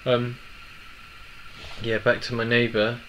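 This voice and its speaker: A young man in his twenties telling a personal story in a halting, emotional way with many restarts. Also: mid-range voice, monotone, a bit bright, muffled recording, a little hiss or hum. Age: 20s. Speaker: vlogger.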